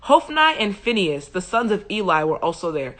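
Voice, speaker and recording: A young woman hosting a livestream, retelling a Bible story in a humorous, slangy, animated way into a phone mic. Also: medium pitch, brisk. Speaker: host. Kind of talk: casual Bible study retelling.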